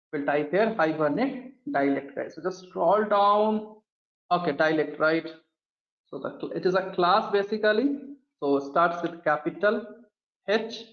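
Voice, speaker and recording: A man's voice: on the high side, echoey room, dull audio. A man teaching a live coding lesson, talking through each step as he types and often calling the class "guys". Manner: talks through steps while typing, often addresses the class as "guys". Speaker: programming instructor.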